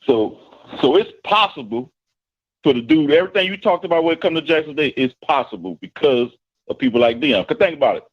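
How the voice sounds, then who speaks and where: A man's voice: a little high, expressive, fairly quick, dull audio. A man calling in to a live show as a coach, teasing the host and then explaining his point at length. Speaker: caller, football coach. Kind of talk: casual call-in chat.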